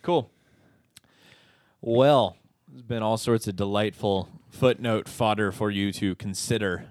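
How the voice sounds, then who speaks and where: A man's voice: on the low side, fairly even intonation, slow, darkish tone, no room sound, studio quality. A man co-hosting a church podcast in casual chat, joking and sarcastic. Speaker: podcast co-host.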